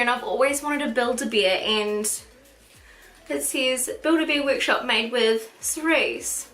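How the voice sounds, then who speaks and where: Gushing and chatty, a New Zealand beauty vlogger in her twenties walks through her birthday haul, saying "like" and "oh my god" constantly. Her high, fairly bright voice moves at a moderate pace, recorded in an echoey room with faint hiss.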